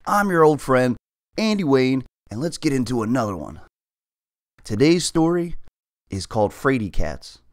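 A man hosting and reading a children's story aloud in a lively, expressive way. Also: medium pitch, moderate pace, no echo, clean studio sound. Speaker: storybook reader and host.

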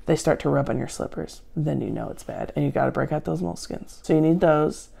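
Gravelly low-voiced woman, dry and sarcastic. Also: brisk, warm tone. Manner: dry, sarcastic, self-mocking. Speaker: show host answering viewer questions. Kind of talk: deadpan comedic Q&A. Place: at home.

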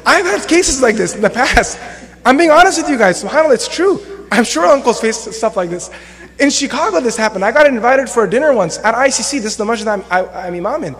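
A young man giving a lively sermon as an imam, telling stories and acting out quotes with humor. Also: extremely high pitch, fast. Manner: animated storytelling with acted-out quotes and humor. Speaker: imam and lecturer. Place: mosque hall. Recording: long hall reverb.

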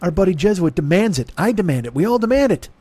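A man hosts his comedy podcast and rambles in circles, mocking himself and swearing freely. His voice sits a little high. The sound is dry and close, with no room echo. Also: sing-song, quick pace, dark tone. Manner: rambling, self-mocking, profane, talks in circles. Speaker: podcast host.

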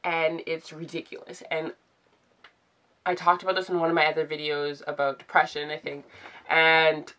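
A woman in her twenties talks through a personal vlog, emotional and close to tears, halting and restarting with many "like"s. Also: deep voice, level tone, pushed and bright. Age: 20s. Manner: halting, fills with "like", restarts often. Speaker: vlogger.

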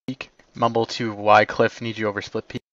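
A man's low voice directs his team in a war game, delivering terse, clipped orders with little rise or fall. The sound is dry and dull, like a cheap mic with the highs rolled off. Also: little pitch movement, moderate pace, a bit bright, no room sound. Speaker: platoon commander in an online war game. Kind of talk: terse voice-chat commands.

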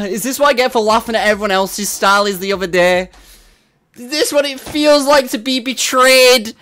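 Blunt, swearing streamer. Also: male voice, extremely high pitch, moderate pace, sharp tone, soft background music. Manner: blunt, swears freely, frustrated banter with chat. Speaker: game streamer. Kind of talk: casual livestream chat.

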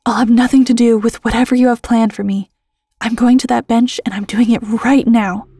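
A woman voicing a grown man, a former soldier, who calls out gently and coaxingly in a horror story. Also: fairly high pitch, steady tone, fairly quick, slightly rough, no echo, studio quality. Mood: defiant.

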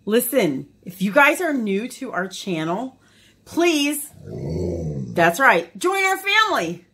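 Playful woman with a lively voice. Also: fairly high pitch, takes it slowly. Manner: playful, talks sweetly to her dogs and viewers. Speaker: vlogger, dog owner. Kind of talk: casual pet vlog.

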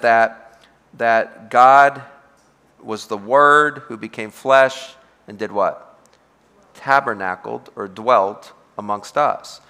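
Male pastor, Bible study teacher; bright, smooth voice; emphatic, repetitive, asks questions; reverberant hall. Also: medium pitch.

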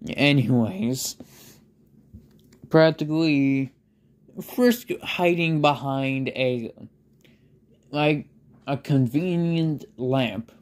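Brief: rambling, unhurried fan storyteller who keeps correcting themselves, voice mid-pitched. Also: a little mellow. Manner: rambling, many fillers and self-corrections. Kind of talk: improvised fan story narration.

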